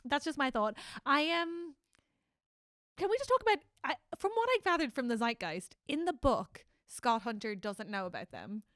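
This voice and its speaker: Woman, podcast co-host, bright and forceful tone, slightly high voice, dry close sound, excitable, laughs often. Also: moderate pace, no room sound. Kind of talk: casual chat.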